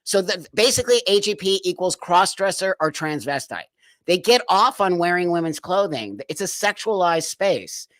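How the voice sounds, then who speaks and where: A man's voice: high-pitched, lively intonation, normal speed, a bit bright, dry recording. A man hosting a live stream, commenting bluntly and mockingly and laughing often.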